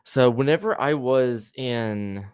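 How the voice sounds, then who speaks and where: Male podcast host, casual and loose, stutters and swears, mid-pitched, dry close sound. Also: takes it slowly, darkish tone, clear, resonant tone, no room sound. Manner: stuttering, profane, laughs easily.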